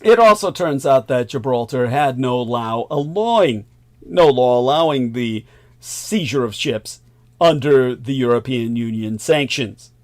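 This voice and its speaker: A man's voice: mid-range voice, expressive, a little slow, a little mellow. A male host delivering a long current-affairs monologue, emphatic, with sardonic asides and chuckles.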